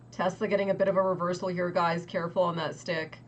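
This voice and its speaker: A young woman hosting a trading livestream, talking casually and quickly to her chat with lots of "like" and exasperated asides. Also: on the low side, fairly even intonation, highs cut off, a little hiss or hum. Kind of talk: casual market commentary to chat.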